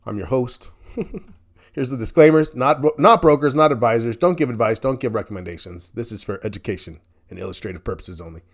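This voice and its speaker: A man hosting a live-stream market commentary, chatty and quick to laugh, often restarting and repeating words as he talks. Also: mid-range voice. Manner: self-correcting, repeats words. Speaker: host.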